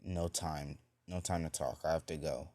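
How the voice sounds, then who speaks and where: A bitter, banished teenage boy ninja who answers in curt, clipped lines, as a low-voiced man reads him out. He sounds deep and plain, a storyteller's take on an angry outcast from a fan story. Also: fairly even intonation, moderate pace, warm tone.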